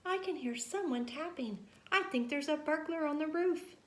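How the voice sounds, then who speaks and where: Woman reading as a tiny scared mouse boy, squeaky and pleading, storybook, roomy echo. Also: moderate pace, a little hiss or hum, lightly acted. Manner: high, pleading and frightened. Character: small anxious young male mouse.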